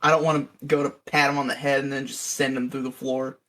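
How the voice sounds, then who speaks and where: A man playing a tabletop game, explaining his actions in a halting, hesitant way. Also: mid-range voice, flat delivery, fairly bright tone. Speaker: player. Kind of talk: casual table talk.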